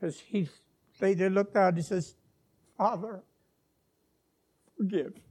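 This male preacher has a high voice with a level tone. His sermon swings from hushed whispers up to shouted climaxes, paced with slow, deliberate pauses.

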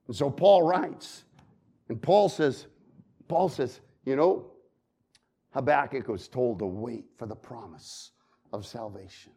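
A man preaching a sermon, swinging between loud and hushed delivery and repeating phrases for emphasis. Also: medium pitch, takes it slowly, gravelly, pauses often, slightly rough.

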